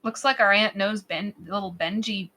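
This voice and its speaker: A woman's voice: mid-range voice, steady tone, moderate pace, sharp tone. A woman playing a character in a tabletop game, offhand and hesitant. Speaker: player.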